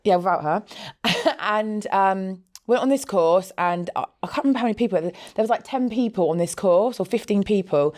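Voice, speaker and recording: A woman, co-hosting a casual podcast as a cosmetic practitioner. She tells stories with lively acted-out quotes and frequent laughter. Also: mid-range voice, normal speed. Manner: animated storyteller, acts out quoted voices, laughs often. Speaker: podcast co-host, aesthetics practitioner. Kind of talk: casual chat.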